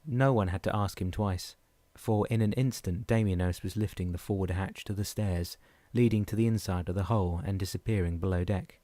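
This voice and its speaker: Low-voiced male audiobook narrator. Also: a little fast, hardly any pauses, warm tone, no room sound. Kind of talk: scripted narration.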